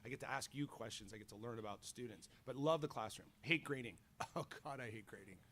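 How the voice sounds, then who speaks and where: A middle-aged college teacher, a guest on a radio show, chatting casually and telling animated stories with many fillers. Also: male voice, medium pitch, fast talker, slight background noise. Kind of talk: casual radio interview chat.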